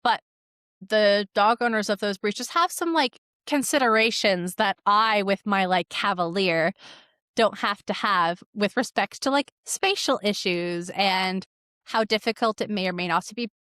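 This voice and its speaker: A woman's voice: medium pitch, a little slow, fairly bright tone, clean tone, no echo, clean studio sound. A young woman who trains dogs, chatting casually and commenting on stories she reads aloud, with lots of "like" and amused asides. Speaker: dog trainer and podcast host. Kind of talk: casual commentary reading online posts.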